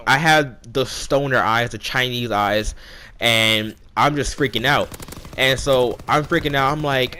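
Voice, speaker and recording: Young man, bright forceful voice, casual storytime, rambling, acts out dialogue. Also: medium pitch, a little slow. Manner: rambling, animated retelling with quoted dialogue. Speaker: vlogger.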